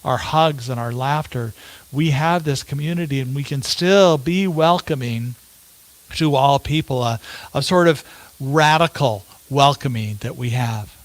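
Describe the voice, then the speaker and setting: A male minister preaching a sermon in an unhurried storytelling way, with rhetorical questions to his listeners. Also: mid-range voice, no room sound.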